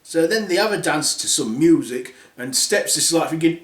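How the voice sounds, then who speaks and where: A man's voice: on the high side, expressive, normal speed, fairly bright tone. A man retelling a fairy tale for laughs, rambling and offhand, in an echoey room. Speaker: storyteller.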